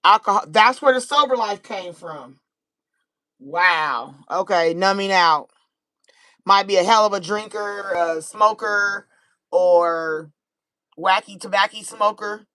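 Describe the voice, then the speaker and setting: Bright, chatty American woman reading cards. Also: medium pitch, slow pace, no room sound, low-quality recording. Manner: animated, chatty, laughs easily. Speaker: tarot reader. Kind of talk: casual live-stream card reading.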